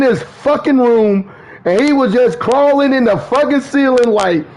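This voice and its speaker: A man chatting casually on a gaming livestream, excitable and profane, laughing often as he talks. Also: very high-pitched, measured pace. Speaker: gaming streamer.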